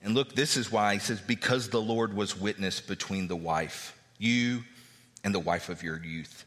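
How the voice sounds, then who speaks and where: A man's voice: on the low side, normal speed, fairly bright tone, in a large hall. A male pastor preaching a sermon, reading verses aloud and explaining them in a conversational way.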